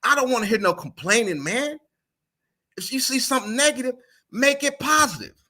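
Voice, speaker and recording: A man's voice: very high-pitched, animated, normal speed, sharp tone, pitched above the performer's own voice, heavily acted. A man imitating an older male professor with a thick New York accent, blunt and emphatic, calling everyone "man.". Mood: exhorting.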